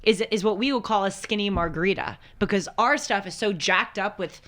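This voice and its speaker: Brief: woman co-host, animated chatty storyteller, casual podcast banter. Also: medium pitch, fairly quick. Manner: animated, chatty, lots of restarts and laughs. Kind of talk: casual chat.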